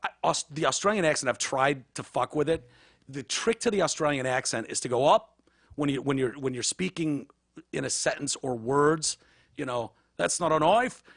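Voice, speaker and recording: A man's voice: mid-range voice, moderate pace, gravelly, a bit bright, dry recording, studio quality. A man co-hosting a podcast in casual, profane, rambling chat. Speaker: podcast co-host.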